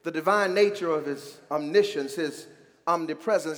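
A man's voice: on the high side, moderate pace. A man preaching a sermon as pastor, emphatic and conversational, calling on the congregation to respond. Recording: echoey church hall.

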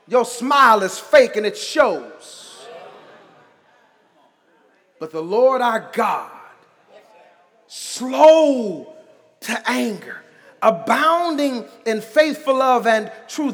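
A pastor delivering a sermon in a church, building to shouted emphasis and dropping into humorous asides. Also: male voice, extremely high pitch, sing-song, slow, pauses often. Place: church sanctuary. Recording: long reverb of a large hall.

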